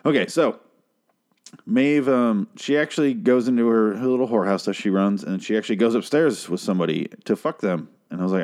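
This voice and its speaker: A man's voice: on the low side, a little fast, a little mellow. Profane, rambling male podcast host. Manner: profane, rambling, with frequent fillers. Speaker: podcast host reviewing a TV series. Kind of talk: casual rambling review.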